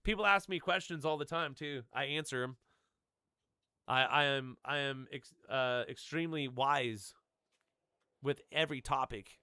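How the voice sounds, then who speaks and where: A man's voice: medium pitch, a little slow, sharp tone, clear, resonant tone, dry recording, clean studio sound. A man streaming a video game, chatting casually in a rambling, laid-back way full of "like" and "dude". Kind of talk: casual stream chat while gaming.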